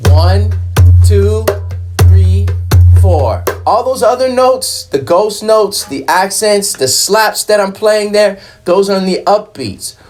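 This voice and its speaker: A man's voice: sits high, animated, measured pace, few pauses, faint music behind. A man giving a casual hand percussion lesson, explaining plainly, counting beats aloud and checking in with the listener. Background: hand drum playing.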